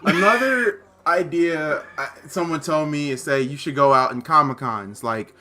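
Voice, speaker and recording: A man's voice: fairly high pitch, moderate pace, pushed and bright. A man hosting a livestream, chatting casually and animatedly, laughing often. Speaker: livestream host.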